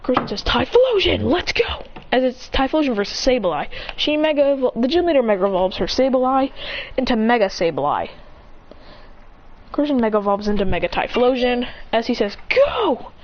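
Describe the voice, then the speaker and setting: Woman telling a made-up fan story all excited, high lively voice, muffled audio with loud music. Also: brisk, a little hiss or hum. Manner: excited, with acted shouts and self-corrections. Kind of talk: improvised fan-story narration.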